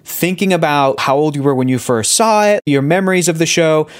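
A man's voice: on the high side, a little fast. A man hosting a podcast in an enthusiastic, chatty way. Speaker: podcast host. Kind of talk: casual chat.

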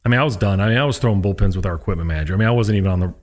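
This former college pitcher has a deep voice and rapid-fire delivery. As a guest in a casual interview, he tells stories animatedly, acting out the people he quotes.

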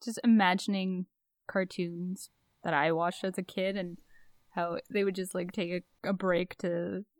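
A woman's voice: lowish voice, level tone, unhurried, no room sound. Chatty woman podcast co-host, dry sound. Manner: chatty, musing, with fillers and restarts. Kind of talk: casual chat.

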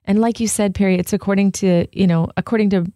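A woman's voice: mid-range voice, fairly even intonation, fast, warm tone, no room sound, clean studio sound. Earnest woman in devotional chat. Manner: earnest, heartfelt, many "like" fillers. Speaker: co-host.

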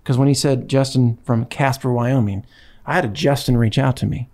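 A man's voice: mid-range voice, fairly even intonation, moderate pace, a little mellow. Male podcast host, thirties, rambling, easygoing storyteller, middle-range voice. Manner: rambling, chatty storyteller with many fillers. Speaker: podcast host and country singer. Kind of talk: casual chat.

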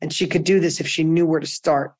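Telling a story as a guest in a conversational interview, this middle-aged businessman is energetic, often starting over and repeating phrases. He speaks briskly in a somewhat high voice.

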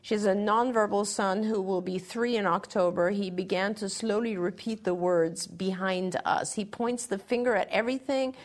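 A woman's voice: medium pitch, normal speed, hardly any pauses. A middle-aged woman co-hosting a talk show, giving earnest, encouraging advice to parents and often restarting her phrases. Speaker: podcast co-host answering parent questions.

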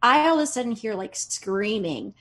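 A woman in her forties, a podcast guest, telling a family story excitedly and acting out the voices. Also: on the high side, moderate pace, noisy background. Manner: excitable, animated storyteller who acts out voices. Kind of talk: storytelling in casual chat.

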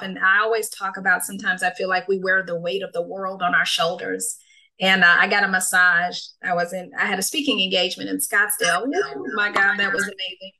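A woman's voice: mid-range voice, level tone, a little fast, sharp tone, low-quality recording. A woman coach and speaker in casual conversation, talking emphatically and repeating key phrases for effect.

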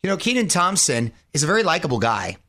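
A man hosting a radio show, chatting casually and telling animated stories. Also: fairly high pitch, quick pace. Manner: lively, animated storytelling with laughs.

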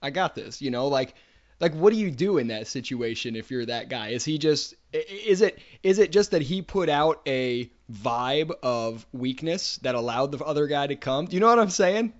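A man hosting a podcast, talking casually and thinking out loud. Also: fairly high pitch, expressive, normal speed, lo-fi sound. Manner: thoughtful, musing out loud. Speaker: podcast host. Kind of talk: casual conversation.

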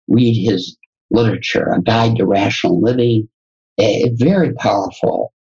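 On a lo-fi recording, a man with a lowish, slightly rough voice shares a story from his life as a guest, an educator and entrepreneur who acts out the conversations with gusto.

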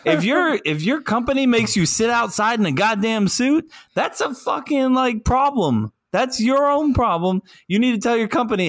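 A man's voice: extremely high pitch, animated, moderate pace, hardly any pauses. A man co-hosting a casual podcast, laughing a lot and ranting with heavy swearing. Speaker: podcast co-host.

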